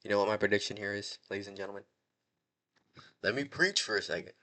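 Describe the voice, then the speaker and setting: A man giving casual predictions in an excitable, slangy, rambling way, often restarting his sentences. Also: fairly low pitch, quick pace. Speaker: wrestling fan vlogger.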